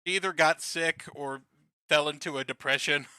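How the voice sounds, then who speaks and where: A man with a very bright, slightly high voice talks through a TV episode with a friend. He swears constantly and keeps breaking into laughter. The sound is dry and close, with no room around him. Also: steady tone, moderate pace, clear, resonant tone, no echo. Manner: swears constantly, laughs often, loose and joking. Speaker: podcast co-host and author. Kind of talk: casual episode recap chat.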